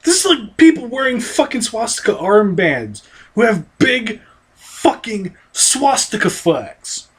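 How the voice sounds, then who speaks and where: A fired-up vlogger ranting to camera with a lively, swooping delivery. The speaker drops to low, sour mutters and then cracks upward into shouts. The voice sounds strained and close to giving out, and almost every sentence carries a curse. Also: slow pace, breathy edge. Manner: heated, profane, swinging from low mutters to high outbursts. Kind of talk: angry political rant to camera.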